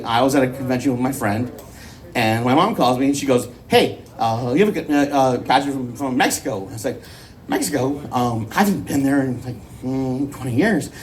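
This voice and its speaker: A man doing a first stand-up set, rambling and halting with many restarts. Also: mid-range voice, darkish tone, recorded from a distance, a little hiss or hum, poor audio. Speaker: stand-up comedian.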